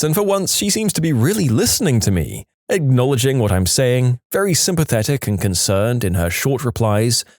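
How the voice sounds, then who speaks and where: Animated male story narrator, dry sound. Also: medium pitch, no echo. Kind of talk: scripted narration.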